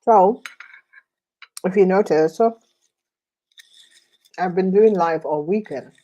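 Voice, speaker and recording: A woman's voice: fairly low pitch, takes it slowly, warm tone, muffled recording. A woman tarot reader chatting casually while eating, rambling with many fillers.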